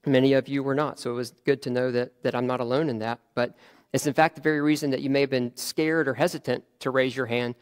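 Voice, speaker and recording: Man, preacher, conversational sermon, halting restarts, mid-range voice. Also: mid-range voice, flat delivery, clear, resonant tone. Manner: conversational, frequent restarts and fillers.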